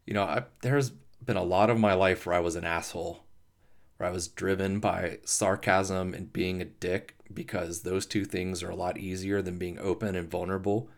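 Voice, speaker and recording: A man hosting a podcast, talking through grief in a halting, emotional monologue, swearing and restarting often. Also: deep voice, gravelly. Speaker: podcast host. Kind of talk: personal reflective monologue.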